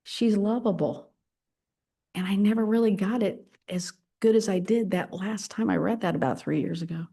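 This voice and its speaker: A woman's voice: mid-range voice, normal speed, gravelly, warm tone, slightly rough. An older woman preaches to her congregation with theatrical flair. Her delivery is playful and emphatic, and she drives her points home with dramatic weight. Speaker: pastor. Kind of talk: sermon.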